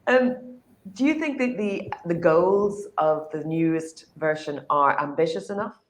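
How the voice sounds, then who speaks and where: A woman's voice: lowish voice, animated, unhurried. A woman moderating an online panel, friendly and lightly self-deprecating, speaking over a video call. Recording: echoey room.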